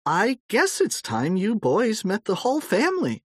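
A man's voice: high-pitched, wildly swooping pitch, moderate pace, breathy edge, no echo, clean studio sound, pitched above the performer's own voice, heavily acted. A man putting on a motherly housewife. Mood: welcoming. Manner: coaxing, motherly. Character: warm hospitable wife and mother. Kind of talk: audiobook character voice.

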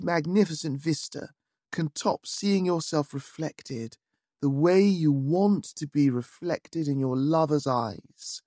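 A man narrating a first-person story in a wry, measured, theatrical manner. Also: a little high, dark tone, dry recording. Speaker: audiobook narrator. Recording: dry close studio.

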